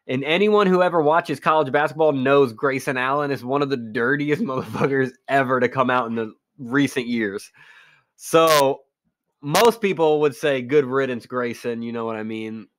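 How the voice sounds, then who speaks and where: A man's voice: mid-range voice, moderate pace, fairly bright tone. Blunt, laughing man co-hosting sports chat. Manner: blunt, profane, laughs often. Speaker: co-host.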